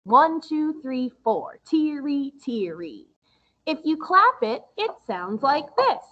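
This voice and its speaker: A woman music teacher giving a recorded lesson to young children, explaining slowly and patiently in a sing-song way. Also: high voice, big pitch swings, highs cut off.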